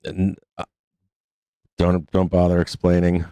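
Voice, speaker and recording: A man's voice: deep voice, monotone, measured pace, warm tone, clear, resonant tone, dry recording, rough recording. A man hosting a live stock market show, ranting in exasperation with frequent laughter and cursing. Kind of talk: live-stream rant.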